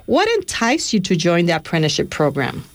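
A woman with a lowish voice speaks on a community radio show. She sounds earnest and encouraging, and the studio sound is close and dry. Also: big pitch swings, fairly quick, no room sound. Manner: earnest and encouraging, addressing listeners. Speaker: radio apprentice co-host. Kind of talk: casual radio chat.

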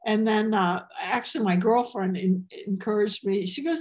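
A woman comedian talking casually in an interview, halting and restarting as she tells her story. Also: medium pitch, darkish tone. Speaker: comedian guest.

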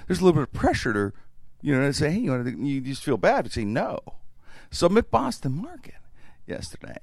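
A man with a gravelly edge to his voice tells a story in casual banter. His pitch swings widely as he acts out each line of dialogue. The sound is close and dry. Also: huge pitch swings, fairly quick, dry recording.

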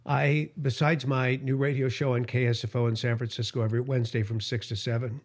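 A male radio host speaking in an emotional podcast monologue, with a voice of ordinary middle pitch. He grows impassioned and climbs higher when he is outraged. Strong feeling sometimes makes him halt and restart his words. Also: level tone, brisk, a little mellow, breathy edge.

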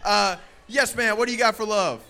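A man leading a lively youth sermon on a handheld microphone, playful and energetic, often calling out loudly to the crowd. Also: sits high, moderate pace. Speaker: youth pastor.

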